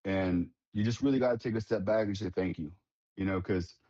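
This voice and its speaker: A man's voice: sits low, a little fast. A retired veteran man telling stories casually in an interview, full of restarts and quoted dialogue. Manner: animated storyteller, many restarts and quoted voices. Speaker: guest, retired Marine veteran. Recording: dull lo-fi sound.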